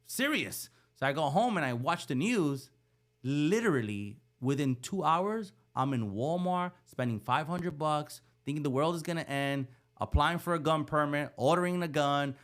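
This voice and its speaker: Animated storytelling man. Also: fairly high pitch, moderate pace. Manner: animated, acts out the voices in his stories. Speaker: podcast guest. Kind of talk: storytelling in casual conversation.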